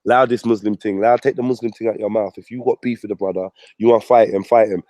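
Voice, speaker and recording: A man delivers a combative, profanity-laden rant full of mockery. His voice is mellow and dark in tone, recorded dry and close with no room sound. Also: fairly low pitch, steady tone, fast, dry recording, lo-fi sound. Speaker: vlogger. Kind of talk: ranting commentary.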